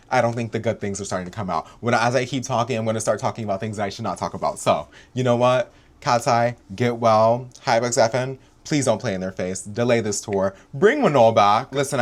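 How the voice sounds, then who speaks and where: Male online commentator, mid-range voice, heated and exasperated, hammering points home through repetition. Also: mid-range voice. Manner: exasperated, repeats phrases for emphasis. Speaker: YouTube pop-culture commentator. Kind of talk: emotional commentary rant.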